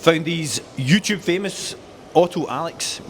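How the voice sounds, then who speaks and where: Enthusiastic car dealer. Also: male voice, a little high, measured pace, a little hiss or hum. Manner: enthusiastic, jokey, rattles off specs. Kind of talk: casual walkaround chat.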